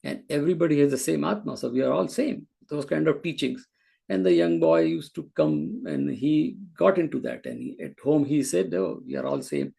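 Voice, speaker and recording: Gravelly, husky male scripture teacher. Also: a little high, expressive, moderate pace, mellow. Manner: explanatory, with frequent restarts. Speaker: spiritual teacher. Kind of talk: scripture class lecture.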